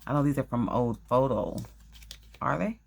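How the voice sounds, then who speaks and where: Gravelly and slightly rough, her rumbling low voice is animated and moves at a normal pace. She's a crafting vlogger doing a relaxed at-home unboxing, gasping and exclaiming effusively over the items and repeating her words.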